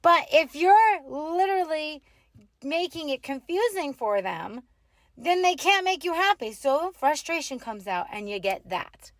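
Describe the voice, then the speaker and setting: High-voiced woman giving blunt advice. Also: measured pace, no echo. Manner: opinionated, animated, acts out quotes. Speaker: host. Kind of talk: casual advice monologue.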